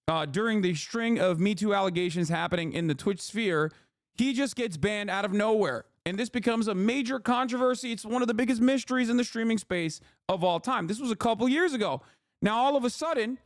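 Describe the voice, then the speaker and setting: A man's voice: extremely high pitch, no room sound. A man hosting a stream, ranting in casual commentary, profane, incredulous and mocking. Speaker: streamer host.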